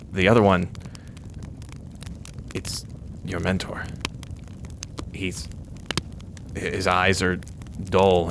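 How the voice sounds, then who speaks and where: A man's voice: sits low, a bit bright, slight background noise. A man acting as game master, narrating a tabletop game in dramatic, vivid second-person storytelling. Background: background music.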